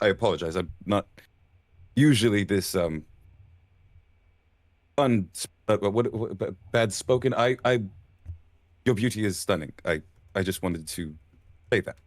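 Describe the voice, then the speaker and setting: A man voicing a flustered male professor who stammers and apologizes while flattering a lady. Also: lowish voice, a little slow, long pauses, no room sound.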